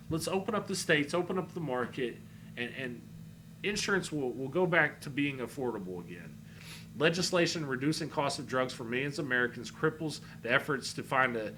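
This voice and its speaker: A man's voice: mid-range voice, sharp tone, slight background noise. A man reading online comments aloud and answering them in a blunt, sarcastic way, swearing freely. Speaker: political commentary vlogger.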